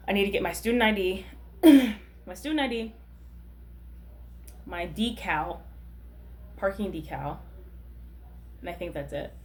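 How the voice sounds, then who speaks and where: Chatty thirty-year-old woman vlogging. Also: fairly low pitch. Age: 30s. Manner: chatty and rambling, keeps asking "you know what I mean". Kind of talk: casual chat to camera.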